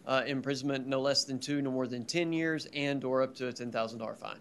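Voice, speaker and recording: A man presenting a bill at a legislative hearing, explaining legal details in a brisk, legalistic way. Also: medium pitch, fairly even intonation, slight background noise. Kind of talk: formal legislative testimony.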